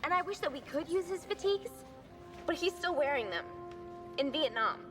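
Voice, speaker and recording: A woman's voice: high-pitched, animated, normal speed, music in the background. An actress playing a defiant teenage girl who argues earnestly for her school play. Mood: insistent. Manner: earnest, insistent.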